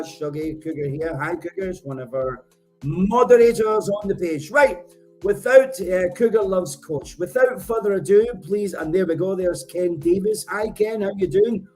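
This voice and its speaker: A Scottish man hosts a live show through a headset mic. His voice is mellow and soft, a touch higher than most men's. He talks in a chatty, joking way and rambles as he corrects himself. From Scotland. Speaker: host. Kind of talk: live show hosting, casual chat.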